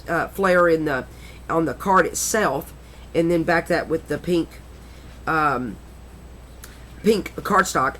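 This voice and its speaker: A woman's voice: fairly low pitch, a bit bright. A middle-aged woman chatting casually and rambling a little as she flips through a handmade craft journal, often correcting herself. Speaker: crafter showing her journal.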